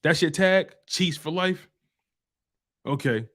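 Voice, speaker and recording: A man's voice: fairly high pitch, slow, fairly bright tone. Emphatic trash-talking sports host man. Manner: trash-talking, repetitive, emphatic, drawling slang. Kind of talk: animated live-stream football talk.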